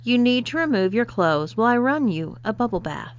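A woman's voice: fairly high pitch, big pitch swings, a little fast. A woman reading a story, voicing a cool, professional young female assistant who speaks matter-of-factly. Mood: dry. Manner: dry, matter-of-fact. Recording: slightly dull lo-fi recording.

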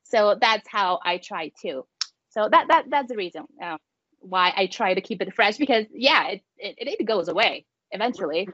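A woman's voice: mid-range voice, lively intonation, moderate pace, fairly bright tone, dry recording, muffled recording. A Spanish-speaking woman from Mexico, a mother, chatting as an interview guest with a light Mexican accent, many fillers and restarts. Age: adult with children. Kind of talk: casual interview chat.

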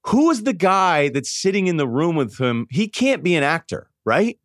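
A man chatting as a podcast guest, telling animated stories and acting out quoted lines. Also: on the high side, moderate pace, no echo, studio quality. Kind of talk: casual sports podcast chat.

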